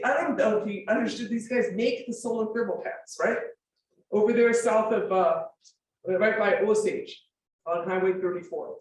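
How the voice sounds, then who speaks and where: A forum speaker giving an informal public lecture with slides, emphatic and full of rhetorical questions, often checking that listeners follow. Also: medium pitch. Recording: very echoey room, voice far from mic, faint ambience.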